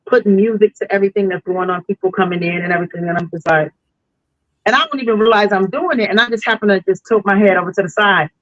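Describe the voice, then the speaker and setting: A woman's voice: mid-range voice, dry recording, dull audio. A woman, a delivery driver guest on a podcast, telling a story casually and animatedly with slang. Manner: animated, slangy, acts out voices.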